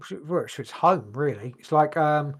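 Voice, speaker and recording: A man's voice: on the high side, animated, normal speed. A man co-hosting a podcast, reading notes aloud in casual chat, stumbling over words and swearing casually. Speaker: podcast co-host.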